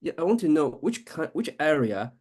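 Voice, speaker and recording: Halting male student, dark mellow voice. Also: on the high side, very animated, slightly rough. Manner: halting, searching for words. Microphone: video call.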